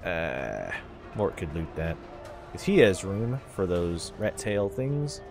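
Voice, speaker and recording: A man's voice: low voice, sing-song, takes it slowly, over music. A man casually commenting while playing a game, chatting wryly and thinking aloud. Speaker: let's play commentator.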